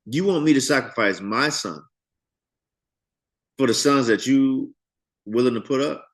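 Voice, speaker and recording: A man's voice: mid-range voice, measured pace, long pauses, a bit bright. A man teaching a Bible study, reading notes and commenting in a conversational way with playful asides.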